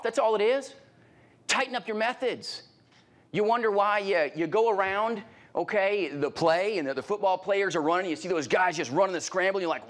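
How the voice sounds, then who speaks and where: In a high-pitched voice at normal speed, this middle-aged man gives a live sales training talk. His delivery is punchy and animated, with repeated phrases and rhetorical questions, plus sudden loud outbursts as he plays out small scenes.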